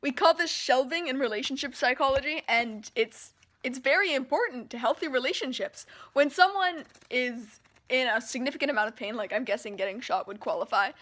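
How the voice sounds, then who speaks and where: High-voiced gushing woman book vlogger. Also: a little fast. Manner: gushing, emotional, excitable. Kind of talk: casual read-along reaction.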